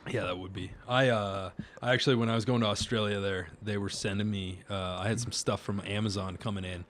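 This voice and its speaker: A man's voice: on the low side, steady tone, a little fast, fairly bright tone, slight background noise. A young man as a podcast guest, chatting casually and mimicking the people in his stories. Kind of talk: casual chat.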